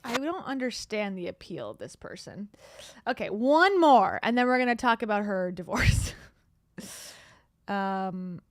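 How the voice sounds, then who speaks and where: A woman's voice: medium pitch, sing-song, unhurried, a little hiss or hum. A woman hosting a gossip commentary show, talking in a sarcastic, scoffing way. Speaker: commentary host.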